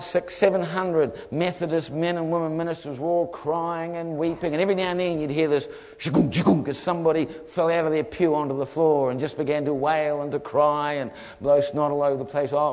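A male preacher from New Zealand, new to preaching, has a slightly high voice. He delivers a humorous testimony sermon as a lively storyteller who acts out voices, and the recording carries long hall reverb.

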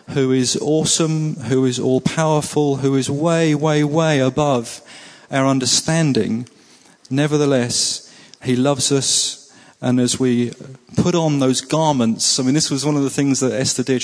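Earnest male preacher in a hall. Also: medium pitch. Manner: earnest, repeats words for emphasis, frequent fillers. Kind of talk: sermon with prayer.

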